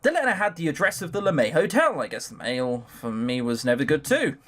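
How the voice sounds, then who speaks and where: Animated, higher-pitched male let's player. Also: brisk. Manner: animated, rambling, jokey. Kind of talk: reading a visual novel aloud with commentary.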